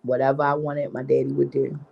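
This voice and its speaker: A woman's voice: a bass voice, level tone, a little fast, gravelly, dull audio. A middle-aged woman vlogging a candid story, with profane, emphatic and preachy talk.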